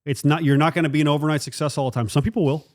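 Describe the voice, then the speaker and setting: A man's voice: a little high, steady tone, rapid-fire, a little mellow. A man who is a guest on a talk show, speaking bluntly and emphatically and swearing freely in a casual chat.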